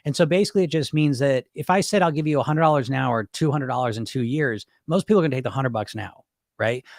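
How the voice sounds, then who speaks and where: A man's voice: medium pitch, fast talker, no room sound. Man, middle-aged, weight loss coach, casual live chat, conversational, dry close sound. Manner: animated, acts out his inner voices in dialogue; conversational, frequent "right?" and "you know?". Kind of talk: casual live-stream advice talk.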